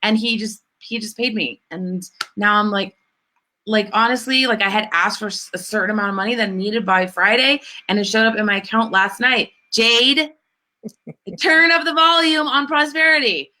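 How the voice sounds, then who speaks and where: A woman's voice: medium pitch, fairly even intonation, fairly quick, sharp tone, slight background noise. A woman co-hosting a spiritual business talk show, chatting casually and gushing with lots of "like" fillers. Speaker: podcast co-host. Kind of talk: casual chat.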